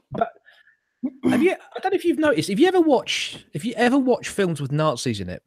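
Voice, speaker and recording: A man's voice: very high-pitched, wildly swooping pitch, moderate pace, dry recording, clean studio sound. A man hosting a casual chat show over a video call, rambling, swearing and laughing at his own jokes. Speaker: host.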